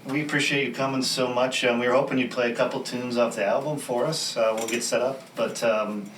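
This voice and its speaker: A man's voice: mid-range voice, fairly even intonation, fairly quick, a bit bright. Brief: male podcast host, upbeat and friendly, recorded from afar in an echoey room with background noise. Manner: friendly, upbeat, laughs easily. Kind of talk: casual interview chat. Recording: roomy, noisy sound from a distant mic.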